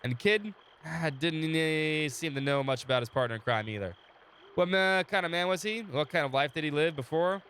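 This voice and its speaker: A man recovering from illness, sore throat and all, chats casually on a live game stream, reading the game's story text aloud and talking to chat in between, laughing often. His voice is a little high and a bit bright at a normal speed. There's a little hiss or hum.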